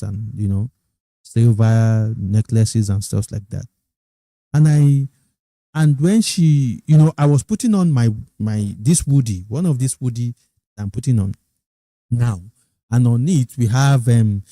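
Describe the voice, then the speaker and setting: A middle-aged Nigerian man hosting a podcast, telling stories in a lively, casual way. He often repeats and restarts his phrases, and he jumps up high when he quotes excited people. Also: no echo. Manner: animated, quoting others in raised excited tones. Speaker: podcast host. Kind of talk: casual storytelling monologue.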